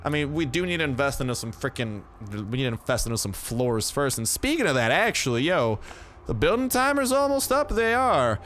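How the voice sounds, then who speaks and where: A man's voice: mid-range voice, very animated, a little fast, fairly bright tone, a little hiss or hum. A young man giving casual, slangy gameplay commentary, chatty and full of jokey asides.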